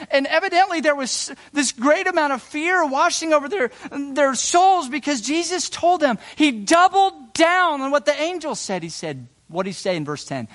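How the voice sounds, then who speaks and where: A man preaching a sermon, dramatic and folksy, dropping to hushed low passages and rising to loud excited bursts, with casual asides and restarts. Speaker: pastor.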